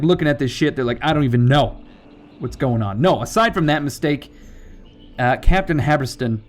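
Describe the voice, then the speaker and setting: A man's voice: mid-range voice, darkish tone. Rambling, jokey male game commentator. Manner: rambling, jokey, with profane asides. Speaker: let's play commentator. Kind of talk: casual gameplay commentary.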